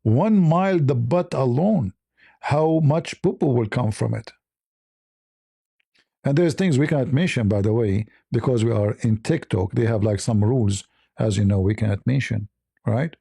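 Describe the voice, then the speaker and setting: A man's voice: mid-range voice, normal speed, gravelly, dark tone, breathy edge, no room sound, studio quality. A man hosting a casual livestream chat, mocking and provocative, stretching words for emphasis. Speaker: livestream host.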